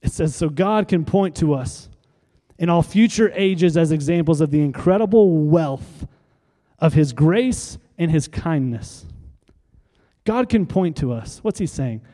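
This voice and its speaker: A man's voice: fairly high pitch, lively intonation, measured pace, warm tone, long reverb tail. A man pastor preaching a sermon, with emphatic repetition and call-and-response to the congregation.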